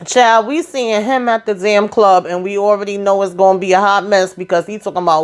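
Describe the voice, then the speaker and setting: A woman with a mid-range voice gives a sassy, animated recap of a reality show. She talks in a casual way and acts out the cast members' lines as she goes. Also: medium pitch, a little fast, hardly any pauses, clean tone.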